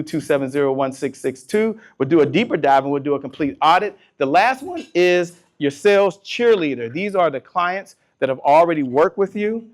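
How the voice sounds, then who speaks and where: A man giving a motivational keynote to a live crowd, animated, trading call-and-response and swinging from soft asides to loud bursts. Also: a little high. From Washington, D.C. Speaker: keynote speaker.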